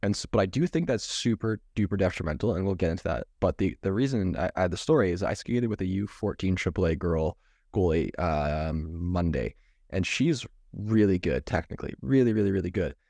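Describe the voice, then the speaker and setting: A man's voice: deep voice, expressive, brisk, gravelly, darkish tone, dry recording, clean studio sound. A man in his thirties, a goalie coach, chatting casually on a podcast, rambling with many false starts and restarts. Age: 30s.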